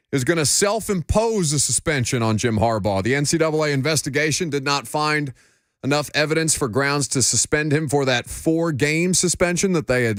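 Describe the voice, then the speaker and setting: A man's voice: fairly high pitch, dry recording, clean studio sound. Wry, chatty male radio host. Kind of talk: casual sports radio banter.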